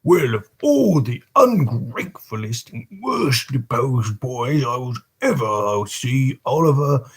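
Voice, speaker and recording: A man's voice: mid-range voice, very animated, takes it slowly, few pauses, breathy edge, heavily acted. A man voicing a pompous, bullying parish official who scolds a boy, read aloud from a storybook. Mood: scolding. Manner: scolding, blustering.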